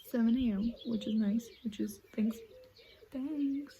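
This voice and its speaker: 18-year-old woman, rambling solo vlogger on a handheld phone, soft faint birdsong behind. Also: fairly high pitch, unhurried, vocal fry, a little hiss or hum. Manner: rambling, hesitant, drops to a whisper at times. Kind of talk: casual chat. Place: outdoors in a forest.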